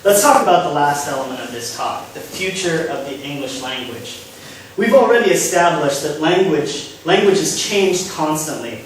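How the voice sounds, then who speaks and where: Young male lecturer, a bit high-pitched, halting with fillers; heard from afar in a reverberant hall with faint hiss. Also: lively intonation, recorded from a distance. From United States, Kansas. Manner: explanatory, with frequent "uh" fillers and self-corrections. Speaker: guest speaker giving a public talk. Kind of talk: lecture to a live audience.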